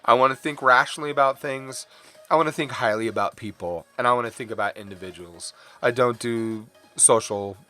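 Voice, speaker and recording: A man's voice: mid-range voice, fairly quick, pushed and bright, faint music behind. A middle-aged man chatting casually and candidly while drawing on stream, rambling from topic to topic and apologizing for his swearing.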